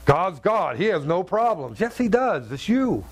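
Pastor, man, high voice, chatty sermon delivery with repeated words. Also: big pitch swings, measured pace, slightly rough. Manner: conversational, repeats words, asks the crowd "right?".

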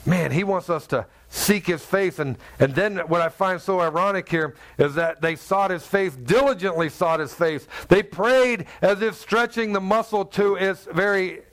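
High-voiced man preaching a lively sermon. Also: moderate pace, hardly any pauses. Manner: conversational, acts out voices of people in the story. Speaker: pastor.

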